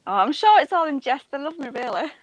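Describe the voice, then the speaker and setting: A woman's voice: high voice, quick pace. An older woman and grandmother who chats casually and giggles often. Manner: giggly and lively. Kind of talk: casual chat.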